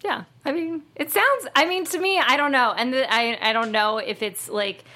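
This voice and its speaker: A chatty American woman with a bright, clear tone, co-hosting a podcast. She talks eagerly and loosely, circling back on her thoughts with plenty of "like" and "um". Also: sits high, moderate pace. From United States. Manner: chatty, enthusiastic, many fillers and restarts. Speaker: podcast co-host. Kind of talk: casual chat.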